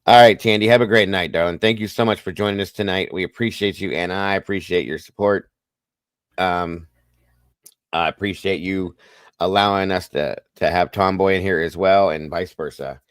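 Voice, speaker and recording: Low-voiced folksy male host. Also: steady tone, moderate pace, smooth, dry recording, studio quality. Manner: folksy storyteller, swears casually, calls viewers folks. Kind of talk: casual livestream chat.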